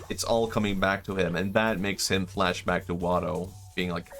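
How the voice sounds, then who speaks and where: A young man streaming a game, musing in a loose, excitable way and swearing now and then. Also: deep voice, normal speed, hardly any pauses, faint music behind. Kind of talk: casual gaming stream commentary.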